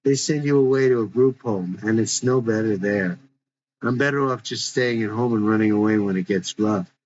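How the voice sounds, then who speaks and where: A man's voice: lowish voice, normal speed, a little mellow, close to an everyday voice. A man voicing a tough, distrustful teenage girl who talks bluntly and with slang, in a dull lo-fi recording.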